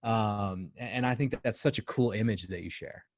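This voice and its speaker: A man's voice: on the low side, moderate pace. A man co-hosting a casual church podcast, chatty and laughing, speaking as a parent. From United States. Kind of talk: casual faith discussion.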